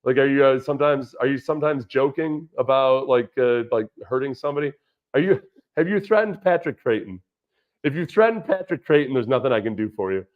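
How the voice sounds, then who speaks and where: A man's voice: mid-range voice, lively intonation, fairly quick. A man hosting a casual livestream about football, rambling and reacting to viewer chat. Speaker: livestream host, former football player. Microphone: studio dynamic mic through a budget audio interface. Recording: dull lo-fi stream audio with dropouts.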